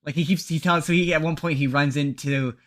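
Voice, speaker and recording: Rambling bright-voiced male podcast host. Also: fairly high pitch, steady tone, brisk. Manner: rambling, many fillers and restarts. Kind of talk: casual chat.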